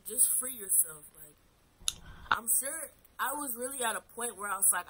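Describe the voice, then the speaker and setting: A woman's voice: mid-range voice, lively intonation, a little slow, pauses often, background noise. A young woman vlogging casually while getting ready, giving candid advice from personal experience and calling the viewer sis. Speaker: beauty vlogger. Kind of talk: casual get-ready-with-me chat.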